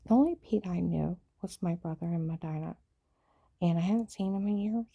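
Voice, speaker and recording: A woman's voice: lowish voice, normal speed, vocal fry, husky, highs cut off. A woman giving a rambling personal account in an aggrieved, insistent way.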